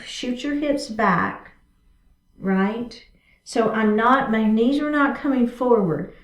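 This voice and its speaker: Upbeat woman leading chair yoga, roomy sound. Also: fairly high pitch. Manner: encouraging, cueing moves with repeated short prompts. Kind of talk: guiding an exercise class. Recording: echoey room, mic at a distance.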